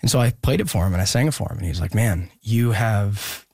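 Earnest young man, halting and heartfelt. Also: lowish voice, sing-song, creaky, dark tone, slightly rough, no room sound, studio quality. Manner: halting and earnest, many pauses and restarts. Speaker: guest musician. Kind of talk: personal storytelling in an interview.

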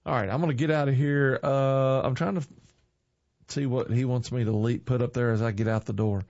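A man's voice: medium pitch, steady tone, a little fast, darkish tone, no room sound, dull audio. Folksy middle-aged man telling corny jokes. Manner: laughs at his own jokes, earnest and folksy. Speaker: online show host. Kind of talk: casual chat to viewers, corny jokes.

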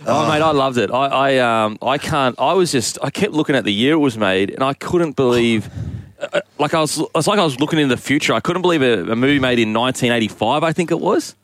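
A man on a radio show, talking excitedly about a film in casual chat. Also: medium pitch, fast, no echo. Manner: excited, full of restarts.

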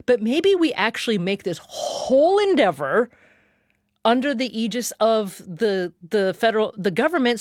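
A woman host steers a panel discussion with a lively, wide-ranging voice. She often restarts sentences with repeated words, and the sound is dry and close. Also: mid-range voice, no room sound. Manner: animated, repeats words when starting sentences.

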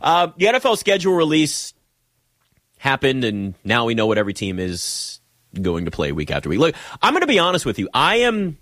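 A man's voice: medium pitch, wildly swooping pitch, a little fast, a bit bright, dry recording, clean studio sound. A man hosting a nationwide sports talk show, chatting casually, teasing his producer and rambling through his opinions. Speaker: sports talk radio host.

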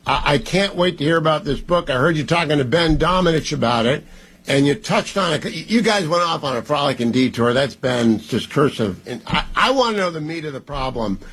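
A man's voice: on the high side, expressive, a little fast, a bit bright, husky. A man hosting a talk radio interview in a chatty way, with small stumbles.

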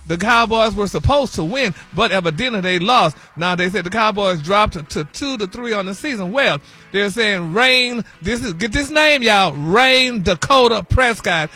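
A man's voice: high voice, animated, moderate pace, pushed and bright, soft background music, full character voice. A man playing a flamboyant, sassy gossip host on a morning radio show, calling everyone honey and y'all. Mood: gossipy. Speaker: celebrity gossip correspondent. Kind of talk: comedic radio gossip bit.

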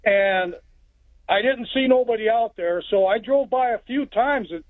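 Speaking a little slowly in a very high voice, a man phones in from Texas to share a story. His telling is plainspoken and meandering, full of restarts, carried over a tinny line with no echo.

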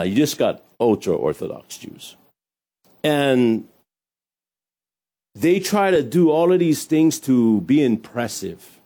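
A man's voice: fairly low pitch, warm tone, husky. A male pastor giving a conversational sermon with jokes and asides. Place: hot church room.

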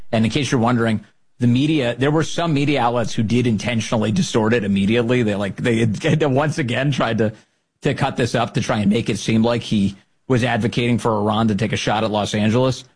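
A man hosting a podcast, giving casual, mocking commentary and jumping up high in pitch for emphasis. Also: darkish tone, husky. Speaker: podcast host.

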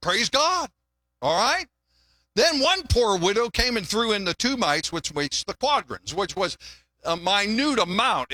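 An older pastor preaching in a bright, high-set voice. He talks in a folksy, chatty way and often restarts his words. The sound is close and dry. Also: no room sound. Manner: folksy, conversational, repeats words when restarting. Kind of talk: sermon with jokes.

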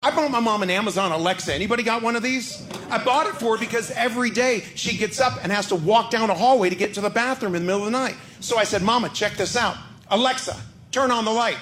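A man performing a stand-up comedy bit, animated storytelling. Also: high-pitched, fast, hardly any pauses, slight background noise. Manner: animated storytelling, voices his mother.

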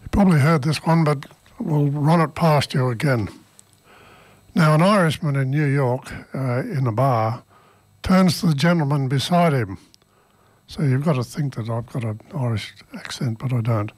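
A man presenting local radio, reading the weather in a relaxed, chatty way and telling a joke. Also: medium pitch, normal speed, dry recording.

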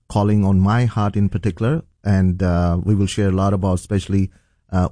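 A man's voice: fairly low pitch, mellow, dry recording, studio quality. A middle-aged man from Pakistan, a pastor, earnestly telling his testimony in an interview, with many fillers and restarts. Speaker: pastor, guest.

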